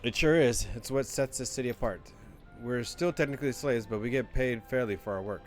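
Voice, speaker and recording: A man's voice: medium pitch, brisk, soft background music, natural voice. A man voicing a cheerful townsperson who proudly praises the city's reforms, reading game dialogue aloud with small stumbles over the text. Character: cheerful townsperson bragging about a reformed slave city.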